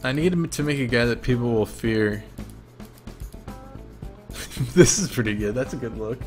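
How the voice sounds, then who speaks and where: A man streaming a life-simulation game, commentating casually and jokingly, with sudden excited outbursts. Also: mid-range voice, normal speed, faint music behind.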